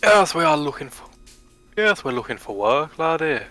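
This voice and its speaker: A courteous adventurer in a tabletop game, voiced by a man, speaking in a mock Scottish accent. His voice is bright and a touch flustered. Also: on the high side, very animated, moderate pace, pitched above the performer's own voice. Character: polite adventurer man with a put-on Scots lilt.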